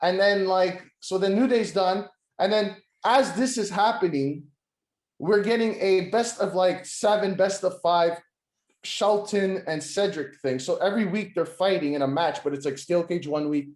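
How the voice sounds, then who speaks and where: A man's voice: sits high, normal speed. A man co-hosting a casual wrestling podcast, rambling with lots of "like" and restarts, acting out quotes and swearing. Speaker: podcast co-host. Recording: echoey room.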